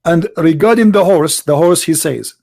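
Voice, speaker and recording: Male streamer with an Arabic accent and a gravelly, slightly high voice. Reads and translates a text aloud, stumbling and restarting as he searches for words. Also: moderate pace, a little mellow. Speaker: live stream host.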